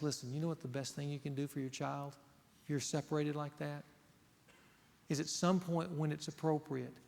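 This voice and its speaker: A man's voice: on the high side, darkish tone. A middle-aged male pastor preaching a sermon, earnest and emphatic, putting rhetorical questions to the congregation. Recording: long hall reverb.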